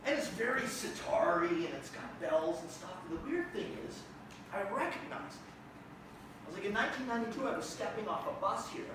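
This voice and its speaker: Animated man telling a comic story on stage. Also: high voice, brisk. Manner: animated, jokey, acts out his own reactions. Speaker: comedian performing a one-man show. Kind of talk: stand-up storytelling. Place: theater stage. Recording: echoey theater, distant mic, audience noise.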